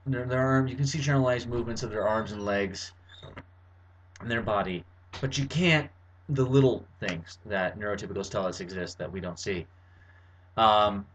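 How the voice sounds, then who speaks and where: A man's voice: lowish voice, highs cut off, a little hiss or hum. A young man talking to camera from his bedroom in a casual, verbose monologue, full of fillers and restarts as he explains something. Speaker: vlogger. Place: bedroom at home.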